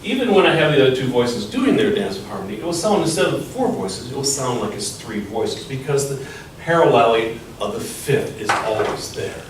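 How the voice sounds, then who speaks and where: A man giving a music theory lesson, explaining step by step in a measured way and thinking aloud as he goes. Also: mid-range voice, big pitch swings, noisy background. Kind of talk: instructional lesson with piano demonstrations. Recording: roomy echo, far from the mic, piano playing. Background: piano.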